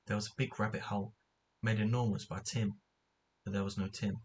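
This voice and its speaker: A man's voice: on the low side, level tone, a little fast, a little hiss or hum, low-quality recording. A man reading a children's book aloud, stumbling now and then and correcting himself as he goes. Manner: unrehearsed reading with slips and self-corrections. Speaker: narrator.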